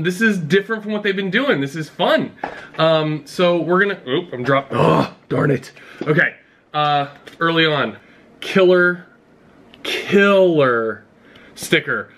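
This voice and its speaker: A man vlogging an unboxing in an excitable, casual way, talking straight to his viewers. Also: a little high, slight background noise. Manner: excitable, talks to viewers directly. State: out of breath. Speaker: fishing vlogger.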